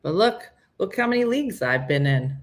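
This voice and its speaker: A woman's voice: mid-range voice, very animated, normal speed. A middle-aged woman chatting casually on a morning live stream, rambling and answering viewers' comments.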